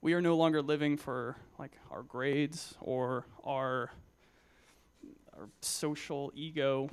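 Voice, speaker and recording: A man's voice: medium pitch, fairly even intonation, slow pace, clear, resonant tone. A young man in his twenties giving a casual, joking sermon to young believers, full of personal stories, fillers and restarts. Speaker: Christian speaker at a youth gathering.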